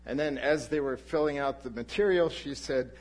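Male preacher, husky mid-pitched voice, lively storytelling sermon. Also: moderate pace. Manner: animated anecdote, voices the people in his story. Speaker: pastor.

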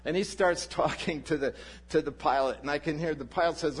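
A male pastor preaching a sermon, telling a personal story in an animated way and acting out the people in it. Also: fairly high pitch, fairly quick, slightly rough. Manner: animated anecdote, voices the people in his story.

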